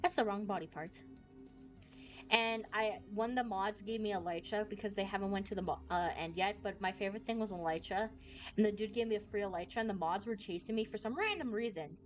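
A woman's voice: mid-range voice, brisk, faint music behind. A woman VTuber chatting casually and rambling as she plays a game, squealing and swearing when startled. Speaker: VTuber streamer. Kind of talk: casual gameplay commentary.

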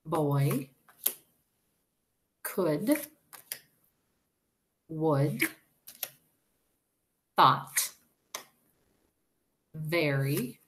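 Woman teacher for a recorded reading lesson, low-ish voice, very slow and patient delivery. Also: a little hiss or hum. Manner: patient, explanatory, slow and deliberate.

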